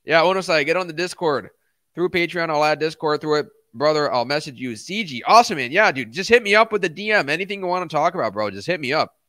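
Fast-talking and expressive, a young man with a high, bright, forceful voice chats with viewers as man and dude on his casual crypto livestream. He curses and bursts into rants despite his laid-back style. Dry, clean studio audio.

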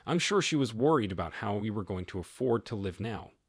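Male storyteller, low husky voice, lively pitch, dry close sound, matter-of-fact. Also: brisk, no echo. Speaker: narrator. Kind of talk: first-person story narration.

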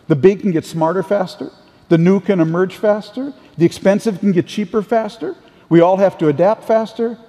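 A man's voice: sits high, mellow. Older man giving an echoey keynote. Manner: storytelling with anecdotes, occasional restarts. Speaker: keynote speaker. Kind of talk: conference keynote speech. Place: large conference hall. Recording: distant, echoey hall sound.

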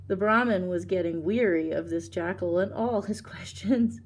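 A librarian reading a picture book aloud for children, with chatty asides about the pictures. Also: female voice, fairly low pitch, normal speed, few pauses, slight background noise. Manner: chatty asides with soft laughs. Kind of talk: storytime read-aloud.

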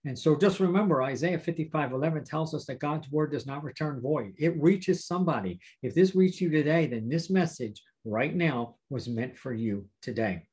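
A pastor with a raspy, somewhat high-pitched voice teaches a Bible study to viewers. He talks directly to them, stressing points with rhetorical questions. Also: animated, normal speed, few pauses. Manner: warm, direct address to viewers.

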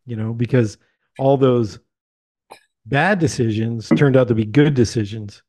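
A man's voice: medium pitch, a little slow, darkish tone. A man hosting an interview podcast, upbeat and joking as he encourages his guest. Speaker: podcast host. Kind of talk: casual interview chat.

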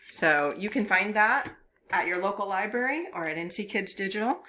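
A woman's voice: medium pitch, animated, moderate pace, bright, forceful tone. A woman with a Southern US accent leading a children's story time as a librarian, talking in a playful, sing-song way and coaxing young listeners to join in.

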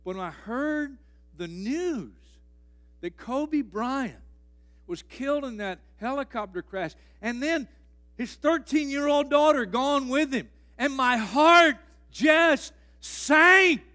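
A middle-aged man, a pastor delivering a sermon in a church, pressing key phrases again and again and swinging between loud and hushed. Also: extremely high pitch, expressive, slow. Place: church sanctuary.

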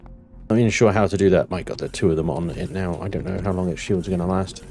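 A man narrating his own gameplay, excitable and talking to himself, swearing now and then. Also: low voice, fast talker, faint music behind. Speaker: gameplay commentator. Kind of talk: let's play commentary.

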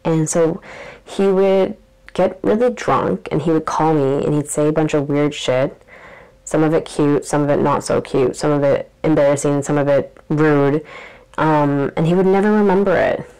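Young woman vlogger, low voice with vocal fry, chatty storyteller. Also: moderate pace, dark tone, low-quality recording. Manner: chatty, peppered with "like", acts out quotes. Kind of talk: casual storytelling monologue.

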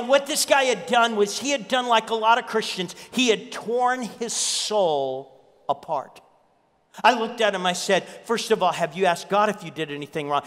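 A man with a high, ringing voice preaches to his church, telling stories and hammering points home by repeating them. His voice carries a long reverb through the hall. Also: fairly bright tone. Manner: storytelling preacher, repeats key lines for emphasis. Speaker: pastor. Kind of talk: sermon.

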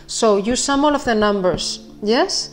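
Excitable woman giving a tarot reading. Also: fairly high pitch, unhurried, soft background music. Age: 40s. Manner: excitable, rambling, laughs often, keeps apologizing. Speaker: tarot reader. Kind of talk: casual spoken tarot reading.

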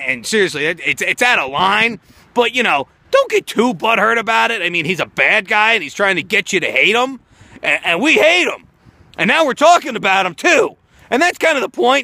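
Man ranting, high voice, swings all over in pitch, gravelly, profane, heated. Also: sharp tone, no echo. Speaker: wrestling show reviewer. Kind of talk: ranting reaction vlog. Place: outdoors in snowfall.

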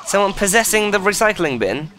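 A man giving excitable, sweary commentary while playing a video game. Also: fairly quick, soft background music. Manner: excitable, swears a lot, jumps in pitch. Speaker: gaming YouTuber. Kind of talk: casual let's play commentary.

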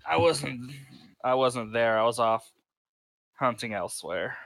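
A man voicing a grim, blindfolded male monster hunter, speaking in flat, clipped, weary phrases. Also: mid-range voice, a little slow, gravelly, no echo.

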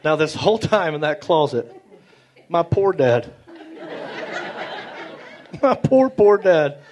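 A middle-aged man with a Southern American accent, telling stand-up stories in a drawling, animated way. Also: a little high, slow, a faint crowd. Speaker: stand-up comedian. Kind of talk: stand-up storytelling. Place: comedy stage before a live audience. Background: audience laughter.

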